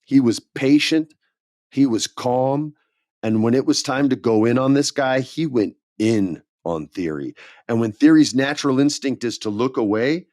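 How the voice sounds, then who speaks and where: A man co-hosting a wrestling podcast, telling stories in a casual, animated way and acting out quotes. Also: medium pitch, measured pace, no room sound, clean studio sound. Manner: animated storyteller, acts out quotes. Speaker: podcast co-host.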